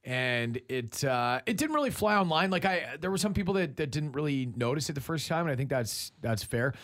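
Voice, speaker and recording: A man in his fifties hosting a radio morning show, chatty and quick to laugh. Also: fairly high pitch, big pitch swings, fairly bright tone. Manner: chatty, laughs easily, many fillers. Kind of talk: casual radio banter.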